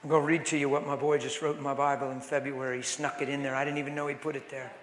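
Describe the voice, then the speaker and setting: A middle-aged man preaching at a conference, telling a story in a conversational way that swings from hushed to loud. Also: medium pitch, flat delivery, rapid-fire, slight background noise. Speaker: conference speaker. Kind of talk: storytelling sermon. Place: large conference hall. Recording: echoey hall with long reverb.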